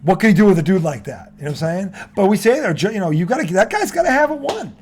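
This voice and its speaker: A man co-hosting a casual sports talk show, animated and profane, laughing often. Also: high-pitched, fast talker, breathy edge.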